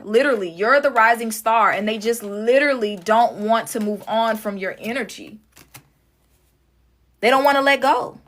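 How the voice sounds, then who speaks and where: A woman's voice: fairly high pitch, fairly bright tone. A woman doing a casual tarot reading, talking straight to her viewers with emphatic repetition. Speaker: tarot reader.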